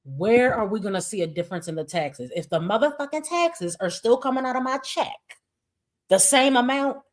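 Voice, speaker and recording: A woman's voice: on the high side, expressive, moderate pace. A woman hosting a livestream, ranting in a blunt, profane and emphatic way. She reads viewers' chat comments aloud and fires back her own opinions between them. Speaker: livestream host.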